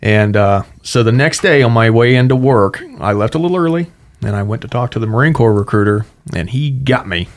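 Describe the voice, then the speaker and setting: A man's voice: mid-range voice, expressive, fairly quick. A young man from Ohio, a Marine guest telling his story casually, full of "you know" and "right.". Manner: chatty, many fillers like "you know, right".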